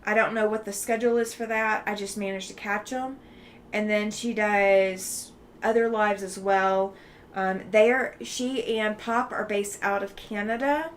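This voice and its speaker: A woman's voice: medium pitch, steady tone, a little slow, slight background noise. A woman from Alabama hosts a casual livestream, reading chat aloud in a chatty, friendly way with many ums and easy laughs. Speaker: livestream host.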